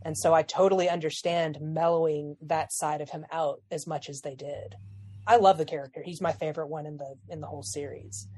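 A woman's voice: sits low, steady tone, fairly quick, dark tone. A woman co-hosting a podcast in casual chat, talking freely, laughing often and trailing off mid-sentence. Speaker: podcast co-host.

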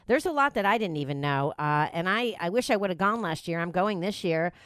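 A woman's voice: fairly low pitch, animated, fairly quick, a bit bright, clean tone, no room sound. A woman hosting a radio show, chatting casually, laughing often and rambling. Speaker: radio host.

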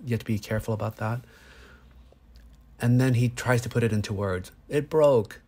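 Earnest man, low voice. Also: steady tone, brisk, darkish tone. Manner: earnest, explains with everyday examples. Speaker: psychologist guest. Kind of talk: conversational explanation.

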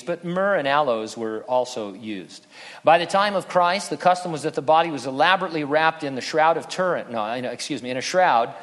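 A male pastor working verse by verse through a sermon, conversational in tone and slipping into dry sarcasm now and then. His middle-pitched voice carries a long reverb, as if it were heard in a church sanctuary. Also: a bit bright. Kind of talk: expository sermon.

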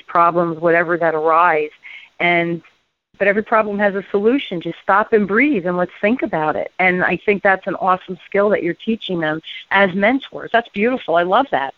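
A woman's voice: on the low side, no echo. A woman hosting a radio interview, an enthusiastic, upbeat storyteller who chats casually with her guest. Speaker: radio show host. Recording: tinny phone-like line, dry.

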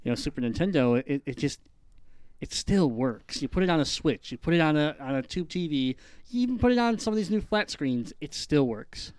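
A man hosting a casual podcast chat, halting with restarts. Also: a little high, lively intonation, darkish tone, clean tone, no room sound.

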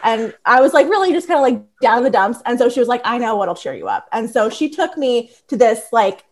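A woman in her thirties with a Philadelphia accent chats as a podcast guest about her work with squid. Her voice sits fairly high, and she tells stories in an animated, casual way, full of "like" fillers. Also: a little fast. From Philadelphia area. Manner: lively, frequent "like" fillers. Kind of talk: casual storytelling chat.

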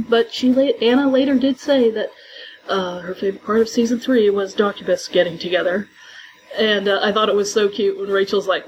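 A woman's voice: medium pitch, moderate pace, slight background noise, rough recording. Chatty woman podcast co-host. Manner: chatty, enthusiastic storytelling with fan excitement. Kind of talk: casual podcast recap.

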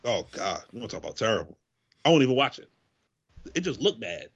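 Male co-host, rapid slangy banter, lively pitch, dull lo-fi audio. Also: husky, no echo. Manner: fast, slangy, joking rants. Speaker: podcast co-host. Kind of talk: casual chat.

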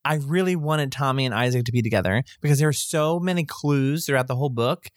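A woman's voice: a bass voice, quick pace, no room sound, clean studio sound. A woman with a Southern US accent, an audiobook narrator, chatting playfully and laughing often. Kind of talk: casual chat.

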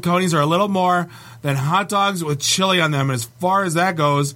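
A man from Canada hosting a casual comedy chat, reading online reviews aloud with wry, deadpan asides. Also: on the high side, fairly quick. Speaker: podcast host.

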